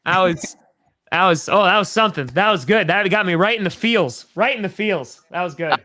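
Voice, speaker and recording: Excitable high-voiced guy from New York. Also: normal speed, a little hiss or hum. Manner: upbeat, excitable, rambling with repeats. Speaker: podcast guest. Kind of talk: casual chat.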